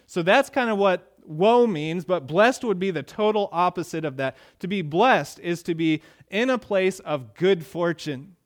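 A man preaching a sermon to his congregation, talking casually and rising with emphasis when he reads out verses. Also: high-pitched. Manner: conversational preaching, rising emphatic on quoted lines. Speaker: pastor.

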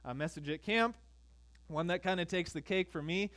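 A man's voice: sits high, normal speed, fairly bright tone. A middle-aged man preaching a sermon as pastor, conversational and full of fillers, quizzing his congregation.

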